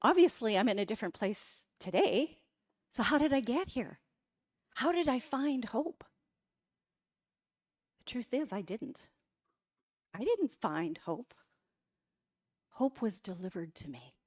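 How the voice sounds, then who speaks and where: A middle-aged woman giving a personal testimony talk in a church, telling her story dramatically and with feeling. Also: fairly high pitch. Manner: emotional, dramatic storytelling with quoted outbursts. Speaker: guest speaker. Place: church sanctuary.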